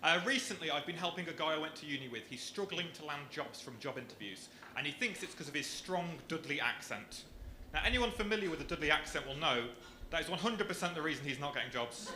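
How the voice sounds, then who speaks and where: A young man with a Birmingham accent doing a stand-up comedy set, delivering dry, deadpan punchlines on a comedy club stage. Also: a little high. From Birmingham area, England. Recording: echoey club with audience noise.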